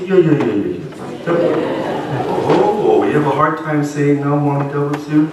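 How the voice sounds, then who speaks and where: A man giving a dharma talk as minister, explaining things gently and patiently, recorded in an echoey church hall from a distance. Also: on the high side, normal speed. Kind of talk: dharma talk with puppet dialogue.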